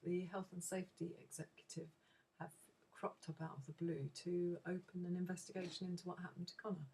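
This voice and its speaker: A middle-aged woman speaking to camera in a video diary, a mother talking hesitantly and thoughtfully, with frequent pauses. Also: on the low side, level tone, warm tone, slight background noise, poor audio. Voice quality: gravelly, very husky. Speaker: bereaved mother.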